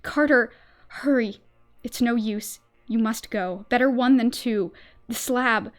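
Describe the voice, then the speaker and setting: A woman reading aloud and voicing a panicked young man trapped underground, begging his friend to flee, shouting and then whispering in hopeless resignation. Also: a little high, takes it slowly. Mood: hushed resignation.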